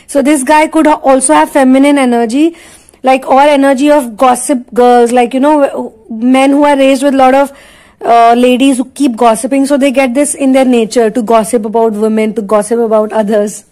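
A woman's voice: sits high, little pitch movement, normal speed, a little mellow, rough recording. A woman giving an intuitive tarot reading, speaking in a rambling way with many fillers. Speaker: tarot reader.

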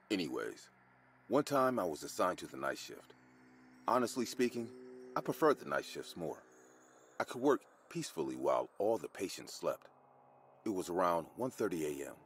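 A man telling a first-person horror story as scripted, expressive narration. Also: sits low, a little hiss or hum.

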